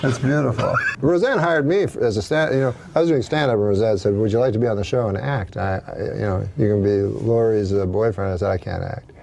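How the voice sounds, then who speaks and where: A man's voice: on the low side, brisk, gravelly, hardly any pauses, a little mellow. A male comedian in casual chat, rambling through anecdotes, chuckling and trailing off mid-thought. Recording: noisy recording.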